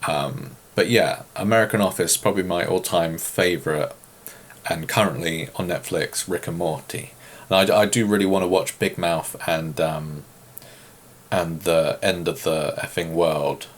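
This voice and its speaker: A man's voice: low-pitched, unhurried. A man from England with an English accent, chatting casually as he answers viewer questions, joking and self-deprecating. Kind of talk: casual Q and A chat.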